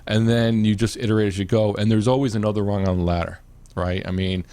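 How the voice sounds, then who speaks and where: A man's voice: on the low side, level tone, fast talker, mellow. A man hosting a live video show, chatting casually with many restarts and "you know"s. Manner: rambling, repeats words, many "you know"s. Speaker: host.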